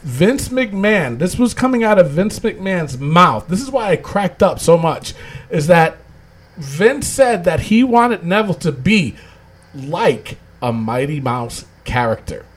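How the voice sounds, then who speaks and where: A man's voice: high-pitched, very animated, a little slow, breathy edge. A man hosting a casual wrestling recap chat, rambling and laughing often as he talks. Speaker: podcast host.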